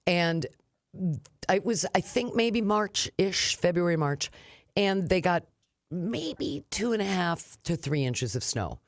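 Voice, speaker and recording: Lively low-voiced woman radio co-host. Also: no room sound, clean studio sound. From Minnesota. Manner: animated storyteller, quick laughs. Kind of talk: casual radio chat.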